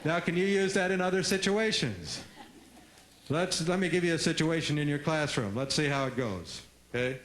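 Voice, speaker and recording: A man's voice: a little high, normal speed, fairly bright tone, reverberant. A man giving a humorous parenting seminar who acts out dialogues and prompts the audience to answer. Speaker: parenting workshop speaker. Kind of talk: seminar talk with audience call-and-response.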